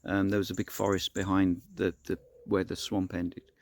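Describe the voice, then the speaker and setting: A man's voice: deep voice, level tone, moderate pace. Man rambling through an improvised story. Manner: rambling, casual, many restarts.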